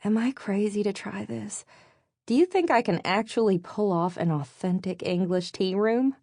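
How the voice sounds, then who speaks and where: A woman's voice: medium pitch, normal speed, mellow, dry recording, pitched above the performer's own voice, close to an everyday voice. A woman voicing a cheerful, dreamy young woman talking with her close friend in an audiobook. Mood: hopeful.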